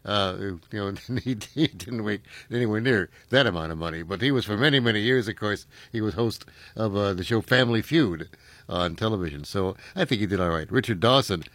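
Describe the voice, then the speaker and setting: A man's voice: lowish voice, a little fast, a bit bright, dry recording. A man hosting a radio show, talking casually with many fillers. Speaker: radio host.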